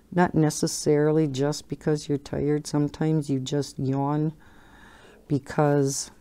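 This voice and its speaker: Chatty low-voiced woman host. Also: mellow, clear, resonant tone. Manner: chatty, rambling, laughs often. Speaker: coloring channel host. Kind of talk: casual chat while coloring.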